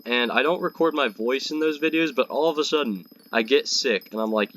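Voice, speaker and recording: A man's voice: mid-range voice, a little fast, fairly bright tone, slight background noise. A young man with a stuffy nose from being sick, rambling casually while playing a game. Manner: rambling, chatty, self-mocking. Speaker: gaming video creator.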